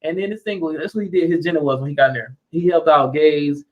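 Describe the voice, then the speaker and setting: Male political candidate, casual interview, animated rant, slightly high voice. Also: fast, muffled recording. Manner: animated, ranting, laughing often. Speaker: mayoral candidate, guest.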